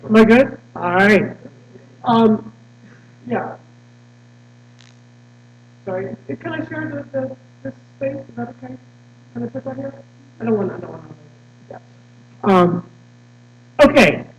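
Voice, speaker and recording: A woman guest speaker addressing a congregation, emotional and halting, with many restarts. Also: a little high, lively intonation. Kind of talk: personal talk to a congregation. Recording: distant mic with mains hum.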